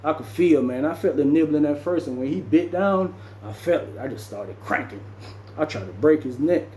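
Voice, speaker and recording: A man spins a lively story in a relaxed, mellow voice, acting out the people in it and adding sound effects as he goes. The room around him is echoey, with a faint hum of ambience underneath. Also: fairly high pitch, normal speed. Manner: animated, acts out quotes and sound effects. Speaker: storyteller recounting his jail time. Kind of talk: casual storytelling.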